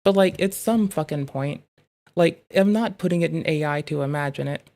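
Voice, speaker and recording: Speaking into a desk mic at home, this streamer offers casual reaction commentary, swearing and rambling as he riffs aloud. The voice is mid-range and gravelly, at a moderate pace.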